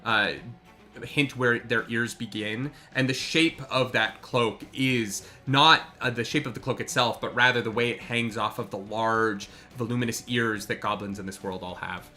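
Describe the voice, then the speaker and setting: Halting, bright-voiced game master man. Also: medium pitch, fairly even intonation, faint music behind. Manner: halting, many fillers and restarts. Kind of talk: narrating a tabletop game.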